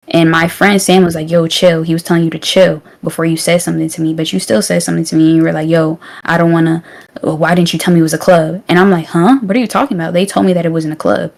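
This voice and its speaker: A woman's voice: deep voice, vocal fry, a little mellow. A young woman in a heated group discussion, defending herself and retelling what was said to her. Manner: defensive, recounts events with quoted dialogue. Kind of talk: heated casual argument.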